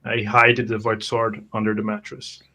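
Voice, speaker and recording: Flat, bright-voiced male player. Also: lowish voice, moderate pace. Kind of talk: tabletop role-play.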